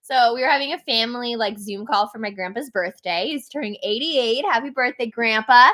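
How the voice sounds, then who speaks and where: A woman's voice: a little high, a little fast, bright, forceful tone. A woman telling a story in a casual livestream chat, full of fillers. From Canada. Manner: chatty storyteller, many "like" fillers. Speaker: band member hosting a livestream chat.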